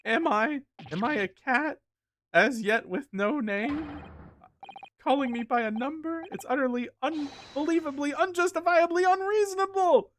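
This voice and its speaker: Streamer's shrill panicky prisoner for a game read, high and loud. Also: male voice, animated, slight background noise. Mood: indignant. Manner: shrill, theatrical, rapid complaining. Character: excitable paranoid young Japanese man prisoner.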